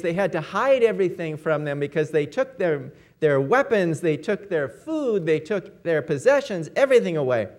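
Animated, high-voiced male preacher. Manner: animated storytelling, acting out quoted lines. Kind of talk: sermon.

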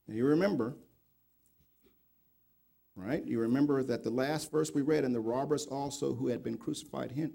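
A man preaching a sermon, reading scripture passages aloud and commenting on them, swinging from loud emphatic remarks to low quiet reading. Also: gravelly. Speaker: pastor.

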